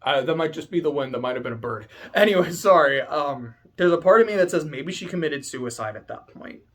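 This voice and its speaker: A man's voice: fairly high pitch, lively intonation, fairly quick. A man ranting casually about a story, rambling, joking and swearing freely. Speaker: video host. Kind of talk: casual rant.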